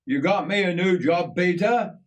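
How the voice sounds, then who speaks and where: A man's voice: sits high, measured pace, pitched above the performer's own voice. A man voicing an eager, curious fifteen-year-old boy asking questions.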